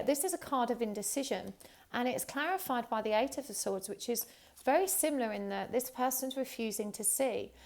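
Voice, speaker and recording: This woman's creaky, mid-range voice carries a casual tarot reading aimed right at her viewers. She's chatty and warm, peppering her talk with ums and you-knows.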